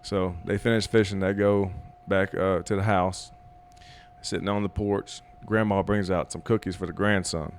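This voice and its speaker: Man, very low pitch, hesitant podcast storyteller, faint background noise. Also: little pitch movement, moderate pace. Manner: rambling, hesitant storyteller with fillers. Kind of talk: casual comedy podcast banter.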